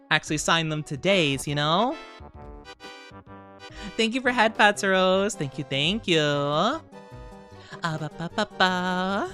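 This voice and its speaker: A woman VTuber casually chatting with her live-stream viewers, playful and quick to laugh. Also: sits low. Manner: playful, giggly, animated.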